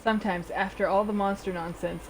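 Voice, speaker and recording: A woman's voice: mid-range voice, steady tone, fairly quick, a little mellow, a little hiss or hum. A woman streamer reading game text aloud in a playful, amused way.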